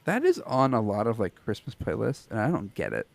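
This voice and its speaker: A man's voice: on the low side, huge pitch swings, a little fast, creaky. A man co-hosting a podcast, chatting casually, loose and joking, with some swearing. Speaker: podcast co-host. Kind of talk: casual chat.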